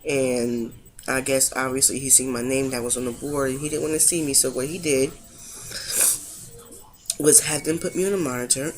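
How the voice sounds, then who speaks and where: A young woman with a rumbling low voice vlogs to camera about a long emergency room visit, tired from sleeping all day. She chattily retells events and reenacts what people said, emotional and at times fighting back tears. There is slight background noise.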